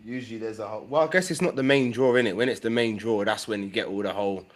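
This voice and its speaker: A man's voice: on the low side, fast. Chatty man hosting a fan stream. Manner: relaxed, chatty, talks to viewers. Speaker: co-host of a football fan livestream. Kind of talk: casual live chat.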